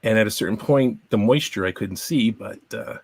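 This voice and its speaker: Middle-aged Canadian male host, deep-ish voice, rambly casual delivery, still a bit under the weather. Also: moderate pace, gravelly, slightly rough. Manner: rambling, chatty, self-deprecating. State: recovering from a cold. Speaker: podcast host. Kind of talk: casual podcast chat.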